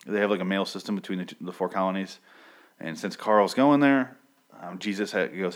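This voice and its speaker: A man's voice: deep voice, brisk, fairly bright tone. A man casually recapping a TV episode, rambling and profane, often correcting himself mid-sentence.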